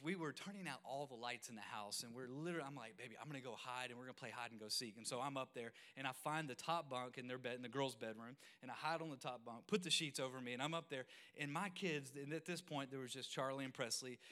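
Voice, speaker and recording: A man in his thirties preaching, telling animated, self-mocking stories with sudden loud exclamations. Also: a little high. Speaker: pastor. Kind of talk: storytelling sermon.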